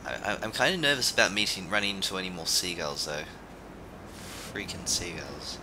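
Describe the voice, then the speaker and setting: A man's voice: deep voice, brisk, noisy background. A young man giving silly, rambling commentary while playing a game. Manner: silly, rambling, bursts of gasps and mock voices. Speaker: let's play commentator. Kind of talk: goofy gameplay commentary.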